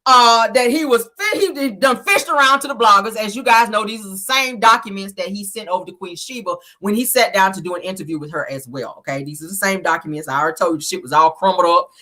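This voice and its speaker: A woman hosting a casual gossip recap, sassy and animated, laughing often and acting out quotes. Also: medium pitch, quick pace, hardly any pauses. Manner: thanks viewers for stickers mid-talk. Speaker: reality TV recap host.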